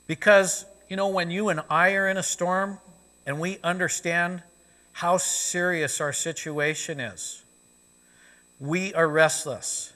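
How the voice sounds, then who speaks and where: Inside a church sanctuary with long, lingering reverb, a male pastor preaches in a bright, forceful voice on the high side. His delivery is conversational, peppered with "you know."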